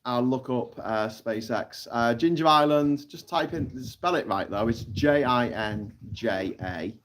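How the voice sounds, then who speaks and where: A middle-aged British man hosts a relaxed live stream and reads out viewer comments. He talks in a loose, chatty way and slips into mocking jokes. His voice sits at an ordinary middle pitch. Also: a little slow, a little hiss or hum. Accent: British English. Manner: chatty, mocking, jumps into high squeaky voices for caricatures. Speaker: live-stream host reading chat. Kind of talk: casual live-stream chat.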